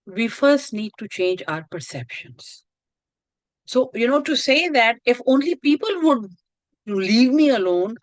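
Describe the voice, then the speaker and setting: Woman, course instructor, earnest and repetitive phrasing, mid pitch, dry video-call sound. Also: no room sound, poor audio. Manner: earnest, repeats and restarts phrases. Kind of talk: online lecture.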